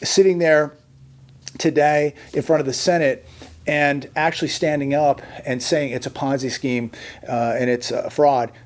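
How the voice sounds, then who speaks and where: A man's voice: a little high, fairly even intonation, a little slow. A middle-aged man, host of his own channel, giving casual, blunt and gloomy commentary, reading quotes aloud and then reacting to them.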